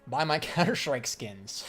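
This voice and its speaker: This livestreamer and crypto trader, a young adult man, has a medium-pitched, expressive voice with a fairly bright tone and a measured pace. Faint music plays behind him as he chats casually about trading and answers viewers. He laughs often and speaks in a loose, slangy, profane way.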